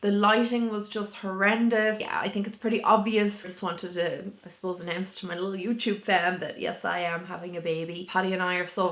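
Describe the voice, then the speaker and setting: Woman vlogger, lowish voice, candid casual chat, roomy echo. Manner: candid and chatty, with many "like" fillers.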